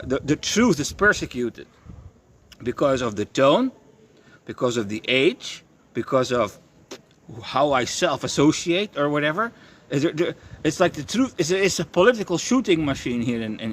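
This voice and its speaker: A man's voice: a little high, fairly bright tone. Profane, stammering young man ranting. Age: young adult. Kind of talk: ranting monologue.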